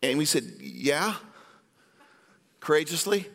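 High, bright-voiced man preaching a sermon. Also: moderate pace. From Iowa, US. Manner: storytelling preacher, animated asides to the congregation. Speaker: pastor. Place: church sanctuary. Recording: long hall reverb from a church sanctuary.

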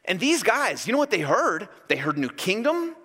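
A man preaching a sermon, an animated, joking storyteller. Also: sits high, normal speed, slightly rough, big-room sound. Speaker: pastor.

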